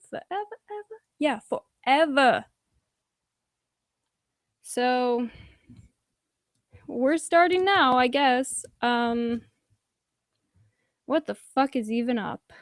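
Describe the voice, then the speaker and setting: A woman streams casual commentary into a desk mic, her voice sitting a little high. She talks slowly and rambles, swearing freely and sighing between thoughts. The sound is dry, with no room echo. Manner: profane, rambling, many "like"s and sighs. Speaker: YouTube livestream commentator reading chat. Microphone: desk microphone.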